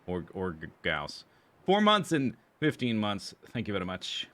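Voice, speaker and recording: A man's voice: lowish voice, wildly swooping pitch, a little slow, a bit bright. A man streaming a survival game, chatting casually and rambling as he goes through his gear and plans. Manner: chatty, rambling, self-correcting. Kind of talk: casual gameplay commentary.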